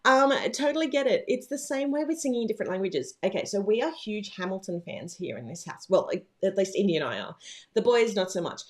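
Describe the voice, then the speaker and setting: A woman's voice: mid-range voice, sing-song, fast. Chatty rambling woman hosting a livestream. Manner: rambling, chatty, bubbly with frequent fillers. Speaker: livestream host, planner business owner. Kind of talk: casual livestream chat. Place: home.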